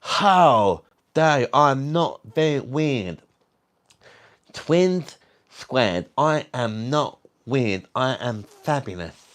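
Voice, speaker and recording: A man putting on a flamboyant camp voice, an indignant man who insists he is fabulous. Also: animated. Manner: slow, affronted and high.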